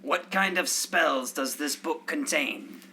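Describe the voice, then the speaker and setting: A man playing an earnest male elf adventurer in a tabletop game skit, talking in an unhurried, earnest way. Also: on the high side, bright, forceful tone, heavily acted. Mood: wary.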